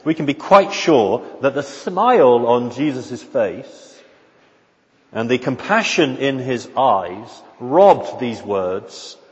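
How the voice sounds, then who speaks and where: A man's voice: mid-range voice, sing-song, takes it slowly. Man pastor, earnest sermon, long hall echo, dull lo-fi recording. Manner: earnest, emphatic repetition and frequent restarts.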